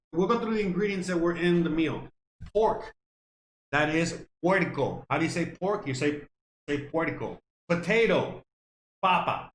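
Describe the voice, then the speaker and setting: A man's voice: fairly high pitch, a little hiss or hum. A Cuban-born man hosting his cooking live stream, chatting casually with viewers in a rambling, profane way. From Cuba. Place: home kitchen. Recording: echoey room with faint music.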